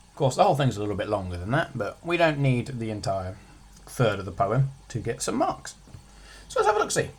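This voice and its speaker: A man's voice: medium pitch, husky. A man giving a casual revision lesson as a tutor, chatty, with jokey asides, stressing single words.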